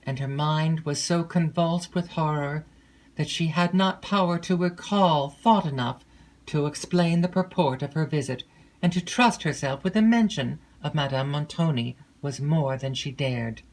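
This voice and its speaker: A woman narrating a classic gothic novel in an unhurried, measured storytelling voice. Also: sits low, darkish tone, rough recording. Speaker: audiobook narrator.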